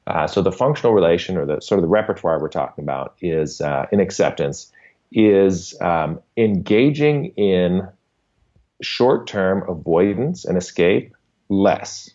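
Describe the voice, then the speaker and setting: A man's voice: low voice, lively intonation, a little slow, a little mellow, dull audio. A man, a behavior analyst, patiently explaining concepts as a podcast guest and often checking in with "right?". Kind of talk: conversational explanation in an interview.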